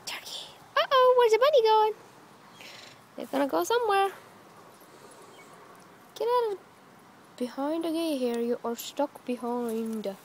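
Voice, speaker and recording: A woman's voice: high voice, a little mellow, a little hiss or hum. A woman filming her pets outdoors in a back yard on a phone, talking to them in coaxing baby talk with short, sing-song questions. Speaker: pet owner filming her dog and rabbit. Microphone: phone camera held while filming.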